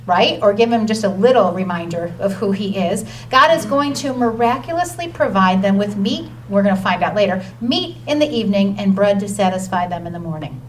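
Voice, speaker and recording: A woman teaching a lively Bible lesson to children, chatty and enthusiastic, reading scripture aloud. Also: medium pitch. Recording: distant mic with faint noise.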